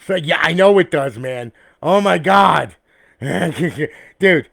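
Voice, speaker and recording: This custom-console maker's voice is a little high, gravelly, and fairly bright, and he's animated yet takes his time. Showing off a finished build to camera, he rambles, checks in with "okay?" and "all right?" nearly every point, and stays blunt, profane, and chummy. Recorded on an external mic in place of the built-in one, the audio is clean, studio-like, and free of room sound.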